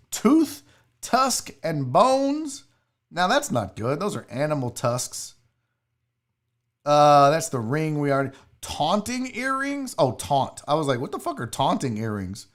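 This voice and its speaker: A man's voice: on the high side, a bit bright. A man hosting a live comedy stream, ranting with profanity and disbelief while reading the chat aloud. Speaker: live show host.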